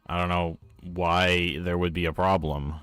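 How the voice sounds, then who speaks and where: A man's voice: low-pitched, little pitch movement, measured pace, fairly bright tone, clear, resonant tone, no room sound, soft background music. A man with a Newfoundland accent, chatting casually on a live stream and arguing with viewers about his microphone. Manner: exasperated, arguing with chat about his mic.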